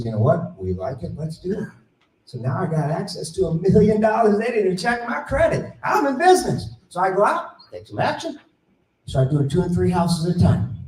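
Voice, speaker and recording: A middle-aged man giving a conference talk, telling a folksy story and acting out the dialogue with animated voices. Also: sits high. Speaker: conference speaker. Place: conference room. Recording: roomy, distant mic, faint ambience.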